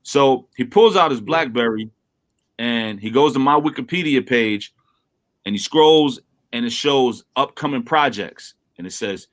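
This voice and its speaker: A man from Brooklyn, a rapper being interviewed over a remote call, telling stories in a casual, animated way and acting out quotes. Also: unhurried. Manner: animated storyteller, acts out quotes with big pitch jumps. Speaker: rapper guest.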